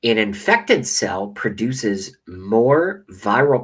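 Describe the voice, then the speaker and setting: A man with a low, husky voice rants into a webcam, rambling and sarcastic and dropping profanity. He talks straight to camera like a political vlogger. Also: moderate pace, a bit bright, low-quality recording. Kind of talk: ranting monologue to camera.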